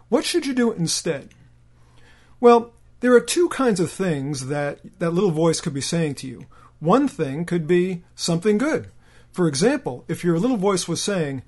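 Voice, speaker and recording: A man coaching salespeople in a motivational training talk, with a voice that sits a little higher than most men's. He speaks directly and emphatically to the listener, often stopping to ask a rhetorical question. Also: a little mellow.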